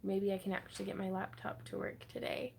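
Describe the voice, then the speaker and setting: A woman's voice: medium pitch, completely flat delivery, a little fast, creaky, a little mellow, slight background noise. A woman hosting a casual crafting livestream, chatty and greeting viewers by name, laughing often. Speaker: livestream host.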